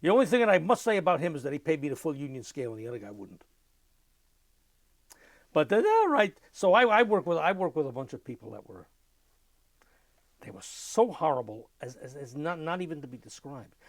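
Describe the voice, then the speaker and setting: An older man, telling lively anecdotes in an oral history interview and mimicking sounds as he goes. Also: fairly high pitch, dry recording. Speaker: interviewee, musician.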